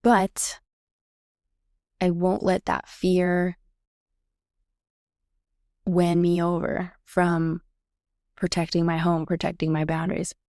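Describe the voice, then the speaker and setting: A woman hosts her own podcast and tells a personal story in a casual, chatty way, slipping into the voices of the people in it. Her voice has a gravelly, fry-tinged edge. The sound is dry and close, with no room echo. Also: fairly low pitch, little pitch movement, slow pace, long pauses, a little mellow. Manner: chatty, reenacts quoted dialogue. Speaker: podcast host.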